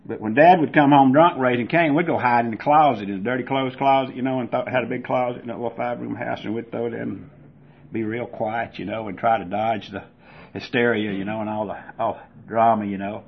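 Older Southern man, husky voice, folksy testimony that acts out the voices; dull lo-fi recording. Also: mid-range voice, fairly even intonation, fairly quick. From Georgia, US. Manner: folksy storyteller who acts out voices loudly. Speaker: speaker at a recovery meeting. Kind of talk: personal testimony to an audience.

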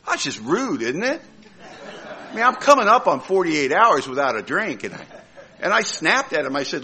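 Sharp-toned and very animated, a man with a slightly high voice moves at a moderate pace. He's recounting his own recovery from alcoholism at a meeting, humorously voicing other people with comic timing.

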